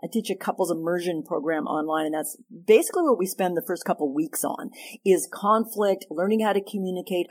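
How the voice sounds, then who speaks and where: A middle-aged woman therapist speaking as a podcast guest, animated and emphatic, teaching with self-deprecating asides. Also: fairly low pitch, breathy edge. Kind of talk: podcast interview.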